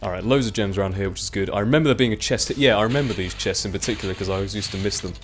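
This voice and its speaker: A young man comments on a video game as he plays, chatty and self-mocking. His voice sits fairly low, and soft game music plays underneath. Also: very fast. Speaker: let's play commentator. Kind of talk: casual gameplay commentary.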